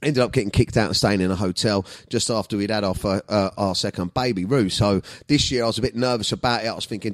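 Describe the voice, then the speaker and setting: A man's voice: on the low side, a little fast, hardly any pauses, dry recording, clean studio sound. A man, hosting his comedy podcast in a sweary, boisterous monologue.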